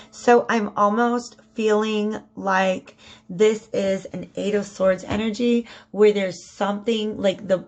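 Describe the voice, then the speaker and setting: A woman's voice: mid-range voice, vocal fry. A woman giving a casual spoken tarot reading, chatty and prone to repeating herself, often checking in with "okay?". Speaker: tarot reader.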